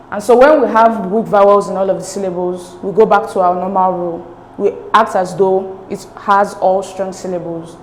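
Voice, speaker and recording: A woman teaching an exam-prep English lesson at a middle pitch, patient and methodical, pausing to check understanding. Her voice bounces around a reverberant room, with a faint hiss underneath. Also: a little mellow. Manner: patient, explains step by step with checking "okay?" and "right?".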